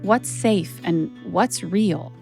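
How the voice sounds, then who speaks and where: A woman's voice: mid-range voice, very slow, creaky, a little mellow, soft background music. A woman journalist hosting a podcast, narrating her own story in a candid, conversational way with casual fillers.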